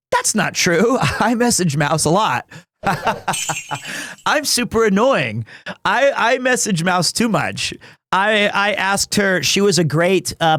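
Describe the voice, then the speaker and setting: This thirty-something streamer has a fairly high, fairly bright voice, recorded dry with studio quality. Chatting casually, he wanders off topic, cuts himself off to restart, and laughs frequently as he teases and jokes.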